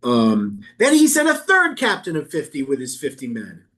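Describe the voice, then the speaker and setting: A man leading a Bible study as rabbi, reading verses aloud and riffing on them with quick jokes. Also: medium pitch, wildly swooping pitch, pushed and bright. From New York. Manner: playful, quick asides, reads verses then riffs. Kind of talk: casual text study, reading aloud and joking.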